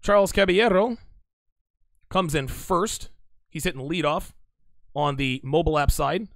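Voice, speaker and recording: Man, livestream host, blunt teasing banter, slightly high voice, dry close sound. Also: measured pace, fairly bright tone, dry recording. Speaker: livestream host reading chat. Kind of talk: casual live-stream commentary.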